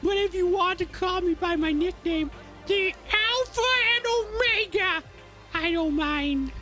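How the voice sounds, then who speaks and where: A streamer voicing a boastful, pompous teenage fan-comic creator in a visual novel, speaking in a grand, drawn-out way during a live stream. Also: very high voice, sharp tone, faint music behind, voice pushed up, heavily acted. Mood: grandiose. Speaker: VTuber streamer.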